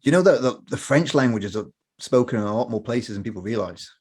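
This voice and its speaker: A man's voice: mid-range voice, animated, brisk, darkish tone, breathy edge. A young man co-hosting a podcast in casual chat, chatty and laughing along. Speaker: podcast co-host.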